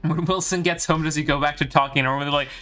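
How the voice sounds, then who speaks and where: A man's voice: a little high, steady tone, fast, bright, forceful tone, soft background music. A man from Ireland with a light Irish accent, commentating a live game stream and joking with his viewers in a chatty, bragging way.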